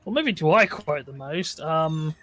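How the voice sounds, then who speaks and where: A woman's voice: low voice, animated, a little slow, a bit bright, no room sound. Dry sardonic British woman. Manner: dry, sardonic, swears casually. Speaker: gaming commentator. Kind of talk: casual let's-play chat.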